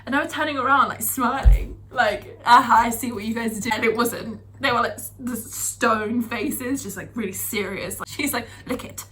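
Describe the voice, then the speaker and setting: A woman's voice: fairly high pitch, moderate pace, hardly any pauses, faint music behind. A young woman from the UK telling stories from her year abroad in a chatty vlog style, full of fillers. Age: young adult. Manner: chatty, animated, lots of fillers. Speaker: vlogger. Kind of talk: casual storytelling.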